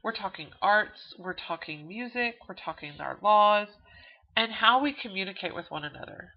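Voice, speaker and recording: A woman's voice: medium pitch, moderate pace. Texan lady teaching a class on video, chatty, lots of ums, kinda dull lo-fi sound. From Texas. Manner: chatty, lively, with frequent um fillers. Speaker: college instructor. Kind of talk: recorded video lecture.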